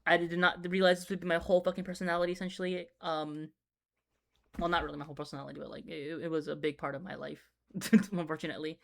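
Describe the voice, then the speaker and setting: A young man telling a story in a casual, rambling way while drawing, swearing often and getting loud and excited in parts. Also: fairly high pitch, quick pace, creaky. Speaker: video creator.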